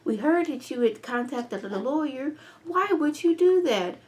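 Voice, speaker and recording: A woman's voice: sits high, animated, a little slow, a little mellow, pitched above the performer's own voice. A woman doing a sugary, scheming lady. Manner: sugary, condescending. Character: fake-nice scheming woman, sugary and condescending.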